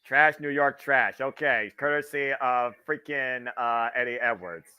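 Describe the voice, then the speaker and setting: Bright, chatty Midwestern man commentating. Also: medium pitch, measured pace, clear, resonant tone. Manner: chatty, wisecracking, swears freely. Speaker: wrestling watch-along host. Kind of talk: casual live commentary.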